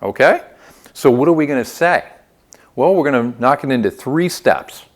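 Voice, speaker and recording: Guy running a phone sales training, super animated pitch, keeps asking okay?. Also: moderate pace. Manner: upbeat coaching, lively inflection, frequent "okay?" check-ins. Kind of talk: training video lesson.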